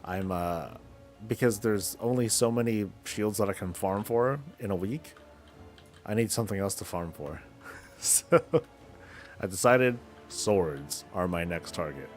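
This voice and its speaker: A man streaming a game, chatting casually in a loose, slangy, rambling way as he thinks out loud. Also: on the low side, measured pace, faint music behind. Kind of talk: casual chat while gaming.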